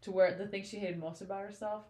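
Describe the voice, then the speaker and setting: Woman podcast co-host, emotional and gushing, full of "like" fillers, mid pitch, recorded in an echoey room. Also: fairly even intonation, fast talker, a little mellow. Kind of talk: casual book discussion chat. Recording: roomy echo.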